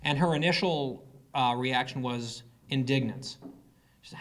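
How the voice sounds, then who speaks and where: A man's voice: mid-range voice, measured pace, a bit bright. A man giving a political speech to a live audience, telling a story with sarcasm and mocking quoted voices. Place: conference hall.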